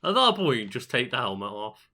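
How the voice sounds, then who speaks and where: A man's voice: mid-range voice, big pitch swings, moderate pace, pushed and bright. A man co-hosting a let's play, chatting casually and reacting in a laid-back way. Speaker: co-host. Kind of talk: casual gaming chat.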